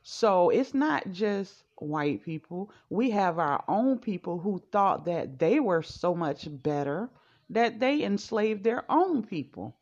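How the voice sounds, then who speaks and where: Slow-talking, reflective woman. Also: medium pitch, sing-song, darkish tone. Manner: reflective, restarts often. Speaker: podcast co-host. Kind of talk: casual chat. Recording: dull lo-fi podcast audio.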